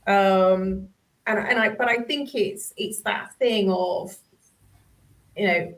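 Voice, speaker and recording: A woman's voice: medium pitch, slow pace, poor audio. A woman hosting a conversation, speaking thoughtfully and searching for her words. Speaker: host. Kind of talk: reflective conversation.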